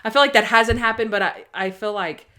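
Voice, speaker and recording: A woman's voice: a little high, a little fast. A woman co-hosting a podcast, chatting casually about a TV episode and acting out the characters' lines as she retells scenes. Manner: lively retelling that acts out quoted lines. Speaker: podcast co-host. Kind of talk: casual chat recapping a TV episode.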